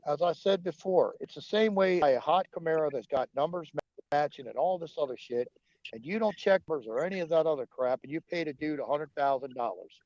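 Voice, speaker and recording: Man, heated profane rant, fairly high voice, dull dry lo-fi stream sound. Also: brisk, darkish tone, no room sound. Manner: profane, angry, argumentative. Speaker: livestream host.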